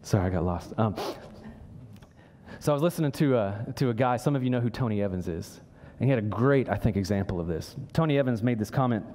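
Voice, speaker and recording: A man's voice: lively intonation, fast talker, dark tone. A pastor preaching a sermon in a church, earnest, with his voice rising when he acts out a prayer. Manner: earnest, voice lifts high when acting out prayers.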